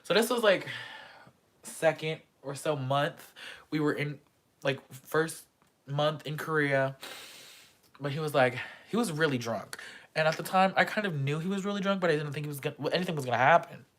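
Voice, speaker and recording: A man's voice: fairly high pitch, moderate pace, fairly bright tone. A young man telling a story from his student days abroad, casual and profane, acting out the voices of the people in it. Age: young adult. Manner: acts out quoted voices. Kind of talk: storytime vlog.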